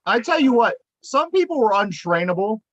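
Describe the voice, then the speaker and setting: A man's voice: sits high, sing-song, normal speed, fairly bright tone, lo-fi sound, a little hiss or hum. A man with a Pittsburgh accent hosting a casual podcast, giving earnest opinions and repeating himself as he thinks. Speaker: podcast host.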